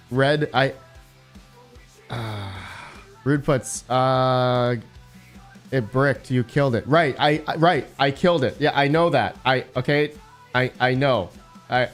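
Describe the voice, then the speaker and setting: A man hosting a casual live stream, rambling as he thinks aloud and answers his chat. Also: mid-range voice.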